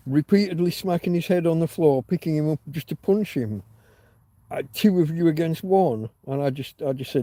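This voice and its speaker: A man hosts an unstructured livestream, meandering through a story with frequent false starts and fillers. His voice sits a touch high but sounds warm and relaxed. The recording is dry and close, with little room sound. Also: normal speed, no room sound. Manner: candid, swears casually. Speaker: livestream host. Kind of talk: rambling casual chat.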